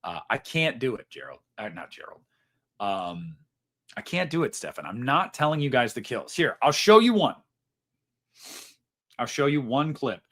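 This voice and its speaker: A man's voice: medium pitch, moderate pace, long pauses. A young man chats on a live stream, reading super chats aloud. His voice swings widely up and down as he rambles and jokes about himself. He swears casually and trails off mid-thought. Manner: rambling, animated, swears casually, self-mocking.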